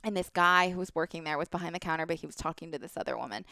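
A woman's voice: sits low, racing, bright, forceful tone, dry recording, clean studio sound. A woman co-hosting a casual podcast chat, telling stories with plenty of "like" fillers and acting out what people said. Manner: chatty storyteller, acts out quoted voices, many "like" fillers. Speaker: podcast co-host.

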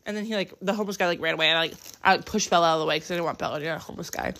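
A woman's voice: fairly low pitch, very fast, a bit bright, slight background noise. A woman chatting casually about her day for a travel vlog in a hotel room, rambling with lots of "like". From United States. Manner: chatty, rambling, many "like" fillers.

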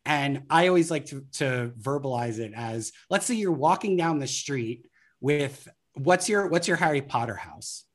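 A guest on an interview explains marketing in a casual way, with a voice of middling pitch. The talk runs on anecdotes and acted-out street scenes. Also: animated, normal speed. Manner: anecdotal, acts out scenarios.

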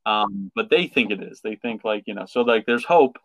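A man's voice: fairly low pitch, normal speed, dry recording. A man on a podcast, chatting casually and retelling a story with lots of fillers. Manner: animated retelling with many fillers, acting out quotes. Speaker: podcast co-host. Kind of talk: casual chat.

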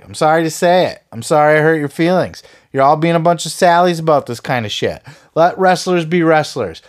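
A man hosting a podcast, ranting heatedly with lots of swearing and sarcastic put-downs of his listeners. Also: fairly high pitch. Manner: profane, heated, sarcastic mocking. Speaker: podcast host.

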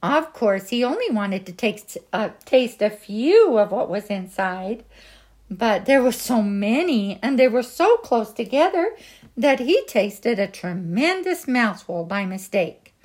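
A woman reads a children's picture book aloud, slowly and gently. Her voice sits a little high and moves a lot. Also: sing-song. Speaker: storybook reader.

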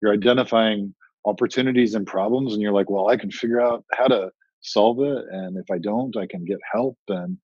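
A man's voice: lowish voice, fairly quick, husky, dry recording. A man, a startup founder, talking casually in an interview and acting out the dialogue in his stories. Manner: animated storytelling, acts out quoted dialogue. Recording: muffled dry podcast audio.

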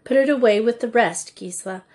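Stern proper headmistress done by a lady reader, husky and precise. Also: a little high, fairly quick, darkish tone, pitched above the performer's own voice. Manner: firm, disapproving, precise. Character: stern proper headmistress, middle-aged woman.

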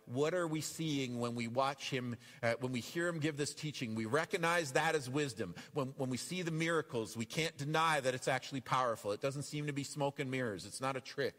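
A man preaching a sermon as pastor, animated and acting out the voices in the passages he reads. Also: mid-range voice, brisk, hardly any pauses, big-room sound. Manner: animated, acts out quoted voices. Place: church.

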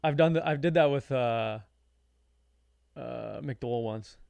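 A man's voice: medium pitch, slow, creaky, darkish tone, dry recording. A man co-hosting a podcast, telling a story in casual chat, sarcastic, laughing often and reading posts aloud. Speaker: podcast co-host.

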